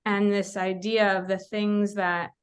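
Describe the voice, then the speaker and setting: A woman's voice: mid-range voice, level tone, a little slow, smooth. A woman taking part in a study group discussion, speaking hesitantly and searching for her words.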